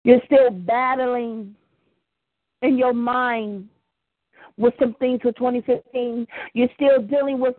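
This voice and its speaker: A woman's voice: high-pitched, fairly even intonation, measured pace, no echo. A woman preaching and praying fervently, rising into impassioned pleading. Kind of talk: preached prayer broadcast. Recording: tinny phone line.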